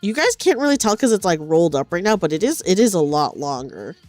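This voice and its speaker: A sleepy woman streamer talking casually from her couch. Her pitch bounces around a lot even when she is tired, and she rambles and restarts her sentences. The sound is dry and close, with faint music playing underneath. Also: fast, dry recording. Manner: rambling, self-correcting, chatty. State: sleepy, low energy. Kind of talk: casual chat while knitting. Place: at home on a couch.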